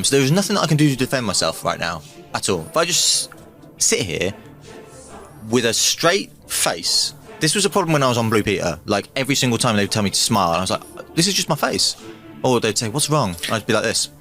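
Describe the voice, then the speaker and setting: A man's voice: medium pitch, sing-song, fairly quick, pushed and bright, soft background music. A man guesting on a podcast, bantering casually with swearing and self-mocking jokes. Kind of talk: casual chat.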